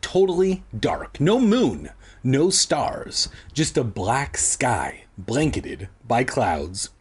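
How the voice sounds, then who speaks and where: A man's voice: medium pitch, wildly swooping pitch, very slow, breathy edge. A man reading a children's book aloud for comedy, with sarcastic, profane asides. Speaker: comedic reader.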